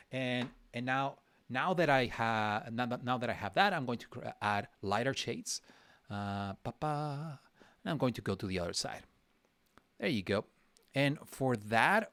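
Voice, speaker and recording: Recorded with no echo, a man of medium pitch teaches drawing in a casual livestream. He mutters his thoughts aloud as he works, mocks himself good-naturedly, and keeps restarting sentences and using fillers.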